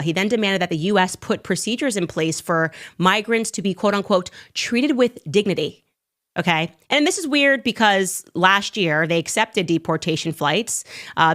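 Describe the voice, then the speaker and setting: Woman host, sarcastic, animated, laughs mid-sentence, casual commentary. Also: lowish voice.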